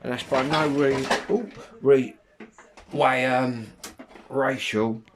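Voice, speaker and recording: A man's voice: medium pitch, fairly even intonation, slow pace, noisy background. A man from Kent with a Kent accent, talking to his viewers in a casual, rambling monologue full of slang and restarts. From Kent, England. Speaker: vlogger.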